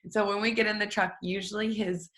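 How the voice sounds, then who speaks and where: A woman's voice: medium pitch, fairly even intonation, quick pace, fairly bright tone. A young woman giving a casual, emotional faith talk at home, chatty and full of fillers. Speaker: devotional host. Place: family home. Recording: roomy echo.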